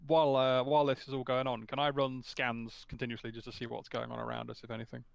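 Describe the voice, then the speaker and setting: A man's voice: medium pitch, completely flat delivery, quick pace, gravelly, dry recording. A man playing a tabletop game, asking questions and often restarting his sentences. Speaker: player. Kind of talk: casual tabletop game chat.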